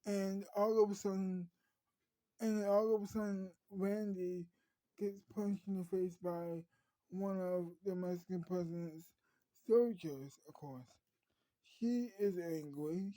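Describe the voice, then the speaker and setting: Slow, mellow-voiced woman telling a story. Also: medium pitch, no room sound, rough recording. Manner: rambling, with frequent restarts and self-corrections. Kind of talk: improvised spoken storytelling.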